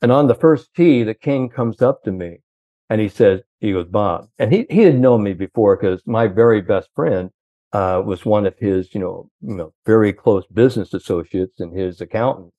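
A man's voice: on the low side, lively intonation, normal speed, no room sound, dull audio. An older man, a sports psychologist, telling long rambling anecdotes full of "you know".

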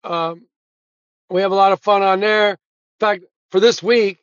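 High-voiced animated male storyteller. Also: normal speed, dry recording, highs cut off. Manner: animated storyteller who acts out quotes and laughs at his own punchlines. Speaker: guest, sportswriter and author. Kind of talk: casual storytelling interview.

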